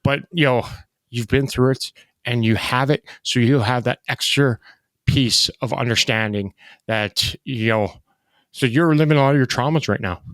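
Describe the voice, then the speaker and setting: A man hosting a casual podcast interview, halting and filler-heavy, who cuts in on his guest. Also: mid-range voice, a bit bright, no room sound. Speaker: podcast host.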